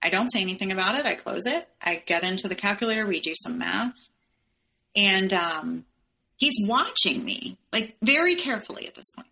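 A woman's voice: medium pitch, lively intonation, moderate pace, vocal fry, pushed and bright, low-quality recording. A woman, a podcast guest, telling a personal story step by step in the present tense.

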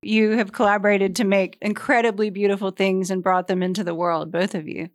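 A woman conducting an interview, asking questions and reacting warmly and effusively. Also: medium pitch, little pitch movement, brisk, no echo, studio quality. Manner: warm, gushing, easily moved.

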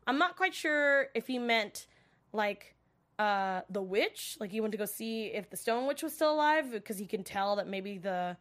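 A woman's voice: mid-range voice, animated, moderate pace, a bit bright. A young adult woman recapping a TV episode in a casual, gushing way, full of "like" and "you know". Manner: gushing, filler-heavy, lots of "like" and "you know".

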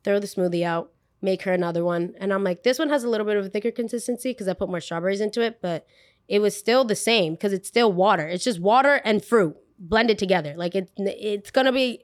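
A young woman casually telling a retail work story, animated and full of fillers, acting out what people said. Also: mid-range voice, a little fast, no room sound, studio quality. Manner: animated, lots of "like", acts out quotes.

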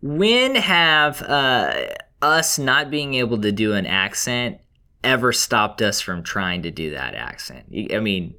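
A man's voice: mid-range voice, big pitch swings, sharp tone, clear, resonant tone. A man co-hosting a film podcast, chatty and upbeat, reading listener plugs. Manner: upbeat, chatty, quick to laugh. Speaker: podcast co-host. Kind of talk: casual film discussion.

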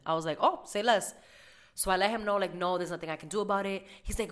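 A woman casually telling a work story on a podcast, animated and profane, acting out the people in it. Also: on the low side, moderate pace, clean tone. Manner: animated, profane, acts out other people in her stories. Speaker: podcast co-host.

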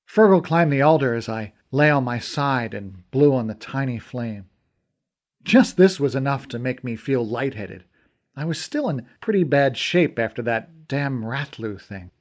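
Guy reading a fantasy audiobook, wry and chatty, pitch swings a lot. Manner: wry, casual, lively storytelling. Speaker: narrator. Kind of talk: first-person fantasy audiobook narration.

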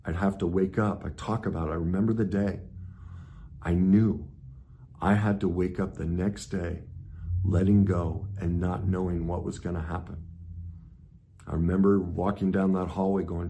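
Middle-aged male speaker, very low voice, earnest motivational talk that surges loud then drops to a hush. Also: little pitch movement, normal speed, slight background noise. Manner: swings from loud intensity to hushed reflection. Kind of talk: personal story talk.

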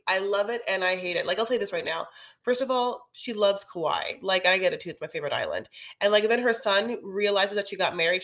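A woman's voice: mid-range voice, fairly bright tone. A woman co-hosting a podcast, chatting casually and gossiping with lots of fillers. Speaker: podcast co-host. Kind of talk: casual recap chat.

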